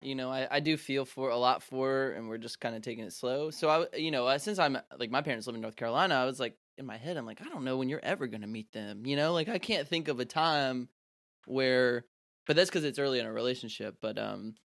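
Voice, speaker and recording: A man's voice: mid-range voice, brisk, vocal fry, a bit bright, no echo, clean studio sound. A man hosting a podcast in rambling, giggly casual chat that often breaks off and restarts. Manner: rambling, giggly, self-interrupting. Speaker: podcast host.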